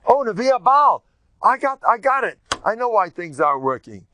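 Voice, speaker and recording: A man voicing a mocking old male prophet who taunts idol worshippers in a loud, high, sarcastic voice. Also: big pitch swings, moderate pace, slight background noise, full character voice.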